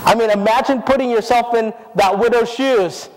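A man's voice: extremely high pitch, fairly even intonation, moderate pace, hardly any pauses, darkish tone, long reverb tail, a little hiss or hum, low-quality recording. A man preaching a sermon in a church, earnest, with many rhetorical questions. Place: church sanctuary.

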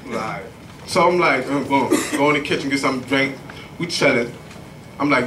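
Brief: male stand-up comic, slightly high voice, rambling and profane, roomy distant club sound. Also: animated, moderate pace, bright, forceful tone, slight background noise. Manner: loose, profane storytelling. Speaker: stand-up comedian. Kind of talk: stand-up comedy set. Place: comedy club stage. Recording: echoey club heard from far off.

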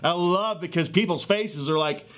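A man in his thirties or forties, a street evangelist telling a healing testimony in an earnest, excitable way with many fillers and restarts, outdoors in a neighborhood. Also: high voice, moderate pace. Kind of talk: animated testimony storytelling.

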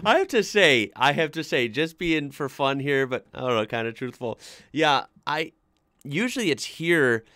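A man's voice: mid-range voice, lively intonation, normal speed, a bit bright, no room sound, clean studio sound. A man hosting a casual video, reading online posts aloud and reacting with frequent laughter. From United States. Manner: laughs often, chatty and amused. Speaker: YouTube host.

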